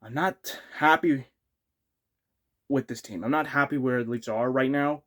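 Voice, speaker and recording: A man's voice: mid-range voice, measured pace, fairly bright tone. A young man ranting as a frustrated sports fan vlogger, exasperated and repeating himself.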